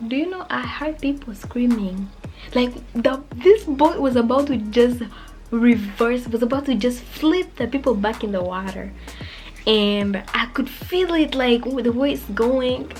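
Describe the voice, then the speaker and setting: Animated young woman telling a story. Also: on the high side, unhurried, soft background music. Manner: animated, acts out her own past self in quoted voices, drops to whispers. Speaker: vlogger telling a personal story. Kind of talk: casual storytime.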